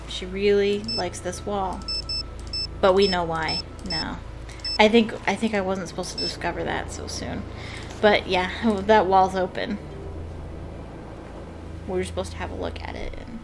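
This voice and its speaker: A woman's voice: fairly low pitch, measured pace, vocal fry, long pauses, music in the background. Chatty woman narrating a game. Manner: chatty, wry, thinking aloud. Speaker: gameplay streamer. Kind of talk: casual let's play commentary.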